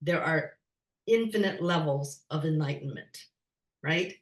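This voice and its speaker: Female guest, slow and gentle, distant mic, echoey room. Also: low-pitched. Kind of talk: calm spiritual talk.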